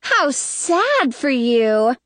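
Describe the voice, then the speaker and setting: A woman's voice: high-pitched, very animated, drawn-out words, a bit bright, no room sound, full character voice. A woman reading aloud, voicing Cinderella as a sly young woman with a sweetly mocking edge.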